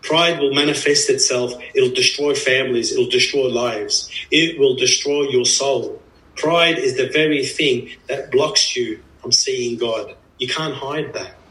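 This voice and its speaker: A man's voice: medium pitch, measured pace, fairly bright tone. A man preaching an earnest, emphatic sermon, repeating phrases for stress. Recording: echoey room, voice from a distance.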